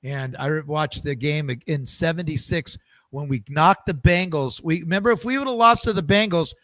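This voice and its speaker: A man's voice: a little high, moderate pace, fairly bright tone, no echo. A man hosting a podcast in casual chat, telling stories with many restarts and repeated words. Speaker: podcast host.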